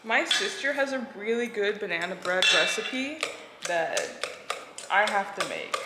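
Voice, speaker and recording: A woman's voice: mid-range voice, unhurried, heavy background noise. A woman chatting to her viewers as she cooks, chatty and self-deprecating. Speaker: vlogger. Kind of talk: casual vlog chat while cooking. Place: home kitchen. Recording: echoey kitchen with clattering dishes.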